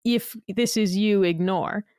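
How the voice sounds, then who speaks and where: A woman's voice: mid-range voice, measured pace, darkish tone, clear, resonant tone, no room sound, clean studio sound. Giggly female podcast co-host. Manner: giggly, filler-heavy chatter. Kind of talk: casual chat.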